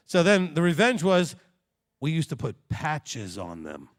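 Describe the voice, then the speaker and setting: Male teacher in his fifties, gravelly, higher-pitched, very animated sermon delivery with mocking asides. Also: a little slow. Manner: animated and jokey, with mocking quoted voices. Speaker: teacher at a Torah study. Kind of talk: lively sermon-style teaching.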